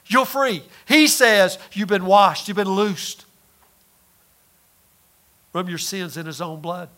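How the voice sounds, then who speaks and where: A man preaching a sermon in a folksy way, full of rhetorical questions and repeated words, rising loud and dropping soft. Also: sits high, slow.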